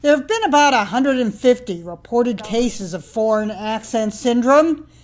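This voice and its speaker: A woman narrating a news feature in a high voice. She takes her time over each line, wry and measured, letting every detail land. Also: animated. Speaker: news reporter.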